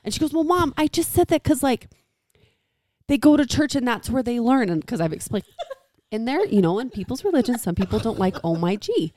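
A woman's voice: on the high side, very animated, brisk, dark tone, no room sound. A woman co-hosting a podcast, telling a family story in casual chat and acting out her daughter's lines. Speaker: podcast co-host.

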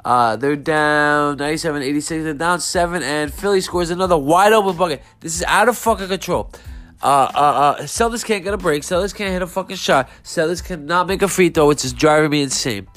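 A man's voice: fairly high pitch, brisk, fairly bright tone, soft background music. A man with a stuffy nose hosting a sports betting podcast, reacting to a game and apologizing, frustrated and profane. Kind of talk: live reaction and apology monologue.

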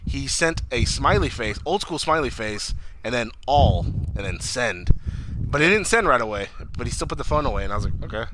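Animated man acting out a TV recap. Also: mid-range voice, fairly quick. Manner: animated storyteller, acts out lines, swears, laughs. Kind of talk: casual chat recapping a TV episode. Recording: noisy recording.

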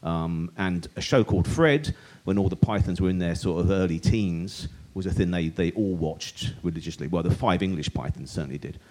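A man's voice: sits low, normal speed, few pauses, darkish tone. A man co-hosting a live podcast show on stage, chatty and jokey with filler words. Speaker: co-host. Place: stage before a live audience.

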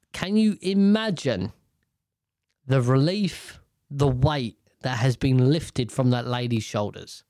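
Podcast host, unhurried delivery, dry close sound, blunt and outspoken. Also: male voice, medium pitch, mellow, no echo. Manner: blunt, outspoken, swears freely. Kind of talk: casual commentary.

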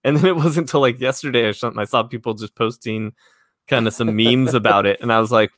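A man's voice: medium pitch, fast, a bit bright, no echo, clean studio sound. Easygoing laughing man on a podcast. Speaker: podcast host. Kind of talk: casual podcast chat.

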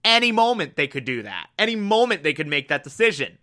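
Bright-voiced, enthusiastic young man. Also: a little high, very animated, quick pace. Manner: enthusiastic, rambling, heavy on fillers and mild swearing. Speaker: TV episode reviewer. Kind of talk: casual spoken review.

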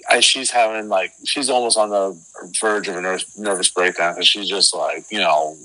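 In a low-pitched voice at normal speed, a middle-aged interview guest rambles through a casual story. He's animated, leaning heavily on filler words as he retells events. Audio quality is poor.

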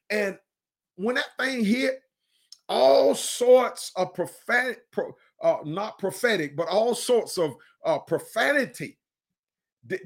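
Earnest preaching man, fairly high voice. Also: fairly bright tone. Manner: earnest, repeats and restarts phrases, slows for emphasis. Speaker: preacher and podcast host. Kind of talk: conversational podcast sermon.

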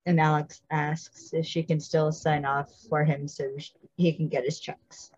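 Low husky woman chatting through an episode recap, dry dull sound. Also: little pitch movement, a little slow, a little mellow, dry recording. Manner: chatty, explains details with asides. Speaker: podcast host. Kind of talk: casual recap chat.

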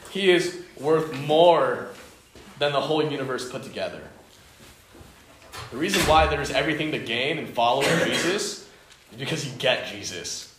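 A man's voice: on the high side, animated, normal speed, fairly bright tone. A man preaching to a youth fellowship in an earnest, emphatic style, piling up short phrases and repeating them. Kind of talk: sermon. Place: indoor home fellowship meeting. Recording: echoey room, faint noise.

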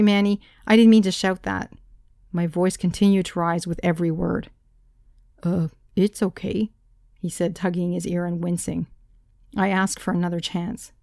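Gravelly woman reading her memoir. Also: on the low side, dark tone, no echo, studio quality. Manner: candid, self-deprecating storytelling. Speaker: narrator. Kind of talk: first-person memoir reading.

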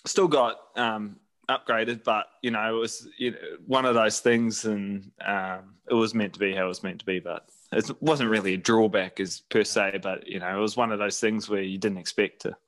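A man's voice: on the low side, level tone, moderate pace, fairly bright tone. Rambling man telling travel stories. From New Zealand. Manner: rambling with fillers and restarts. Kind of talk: casual chat, storytelling.

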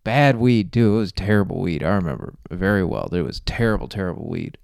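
A young man spins a rambling comic story into the mic, breaking up at his own jokes. His voice sits a little low, smooth and clear, recorded dry and close. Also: expressive, brisk, darkish tone, no echo. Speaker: podcast host. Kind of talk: casual comedic monologue.

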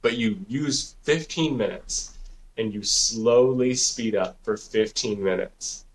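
A man co-hosting a podcast takes his time telling a story in a mid-range voice. He wanders casually, cursing freely and saying "like" and "dude" over and over.

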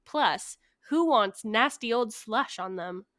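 A woman's voice: on the high side, expressive, slow, a bit bright, no room sound, clean studio sound. A young woman co-hosting a casual podcast, reading a story aloud with joking asides and frequent laughter. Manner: giggly, reads stories with asides. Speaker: podcast co-host.

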